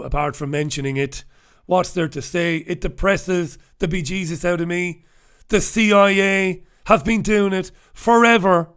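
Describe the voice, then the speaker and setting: A man's voice: high voice, fairly bright tone. A middle-aged man, hosting a casual, humorous newspaper review, full of irreverent swearing and chuckling asides.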